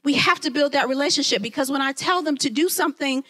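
A woman who leads a ministry, preaching a lively sermon and talking straight to her listeners. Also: sits high, fast. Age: adult, mother of children. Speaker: women's ministry leader.

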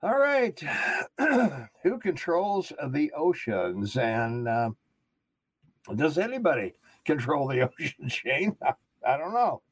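A man co-hosting an online show in casual chat, relaxed and rambling with fillers, his throat rough in the morning. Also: on the high side, slow pace, no room sound, rough recording.

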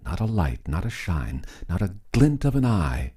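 A man narrating a written story in a measured, deliberate storytelling manner. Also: sits low, sing-song, mellow, breathy edge. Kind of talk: scripted narration.

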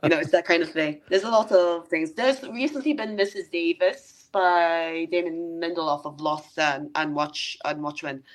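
Woman guest, slightly low voice, animated storyteller who mimics people she quotes, casual and a bit sweary. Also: normal speed, hardly any pauses, poor audio. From not from Britain. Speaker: guest filmmaker. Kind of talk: casual podcast chat.

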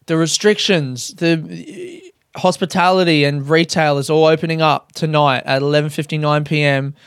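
A man's voice: a little high, steady tone, normal speed, clean tone, dry recording, studio quality. A young man chatting candidly on his own, swearing freely and mocking himself. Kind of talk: casual solo chat.

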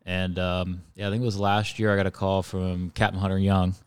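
A man speaks in a very deep, steady voice that barely rises or falls, telling stories on a fishing podcast between plenty of "uh"s. His voice comes through smooth and resonant. The sound is dry and close. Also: brisk, no room sound. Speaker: charter boat captain, podcast guest. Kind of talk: casual podcast chat.

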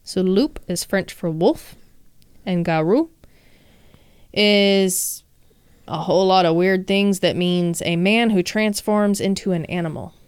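A woman's voice: on the low side, slow, smooth, no room sound. A woman co-hosting a casual chat, reading folklore aloud with playful jokes. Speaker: podcast co-host.

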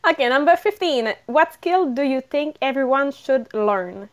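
A woman's voice: sits high, animated, measured pace. A woman co-hosting a podcast, reading numbered questions and laughing often. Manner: giggly, reads questions from a list. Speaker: podcast co-host asking questions. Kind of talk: casual podcast Q&A.

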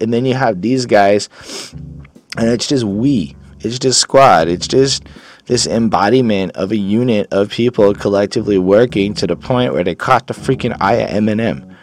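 A man's voice: fairly low pitch, lively intonation, moderate pace. A man from Montreal casually reviewing an album, rambling and swearing with lots of "like" fillers. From Montreal, Canada.

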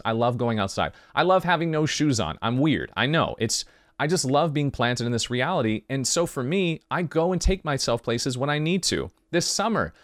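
A man's voice: a little high, no echo, studio quality. A man hosting a podcast, delivering a heartfelt monologue in an earnest, emphatic way, full of rhetorical questions. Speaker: podcast host.

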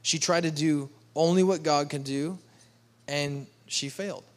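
A man's voice: a little high, fairly even intonation, unhurried. A man preaching a sermon to a congregation in an earnest, pleading manner, raising his voice to act out quoted speech. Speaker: pastor.

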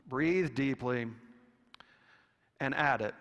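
Guy preaching real slow and careful, kinda high voice, big echoey church. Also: animated, a bit bright. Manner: slow, deliberate delivery with long pauses. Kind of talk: sermon. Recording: long reverb of a church hall.

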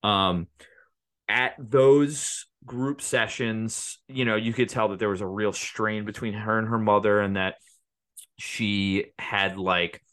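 A man's voice: fairly low pitch, fairly even intonation, takes it slowly, a bit bright, no room sound. Rambling man, dry close sound. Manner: rambling, many restarts and fillers. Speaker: podcast co-host. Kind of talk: casual movie podcast chat.

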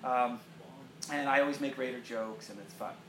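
Animated middle-aged man preaching in an echoey hall. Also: mid-range voice, moderate pace, vocal fry. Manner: animated, joking, laughs often. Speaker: pastor. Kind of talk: sermon. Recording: roomy echo, faint room noise.

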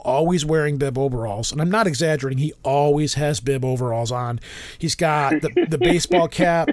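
A talkative man with a fairly high voice, rambling through a story and stumbling over his words. His voice sits close and dry with no room echo. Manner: rambling storyteller, many restarts. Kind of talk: casual chat.

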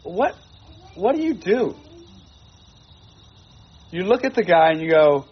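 A man's voice: sits high, sing-song, measured pace, long pauses, husky, muffled recording. A man preaching a sermon to his congregation, earnest and repeating phrases for emphasis. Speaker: pastor.

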